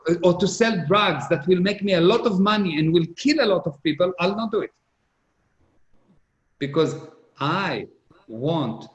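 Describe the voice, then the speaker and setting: Middle-aged male seminar speaker, slightly high voice, earnest, repeats for emphasis; echoey conference hall sound. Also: muffled recording. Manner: earnest, repetitive emphasis, non-native English grammar. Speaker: business speaker. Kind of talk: motivational seminar talk. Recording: roomy hall echo.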